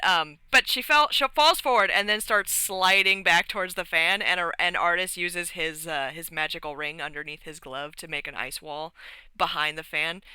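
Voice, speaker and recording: Brief: rambly woman host recapping a game night, very bright and smooth, dry close sound. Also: on the low side, no room sound, rough recording. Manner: rambly, many fillers and restarts, laughs while telling. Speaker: podcast host. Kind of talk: casual storytelling about a tabletop game.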